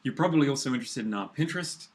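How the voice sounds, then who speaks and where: A man's voice: mid-range voice, lively intonation, rapid-fire. A man co-hosting a casual live webinar, talking in a rambling, hesitant way with many fillers. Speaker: co-host.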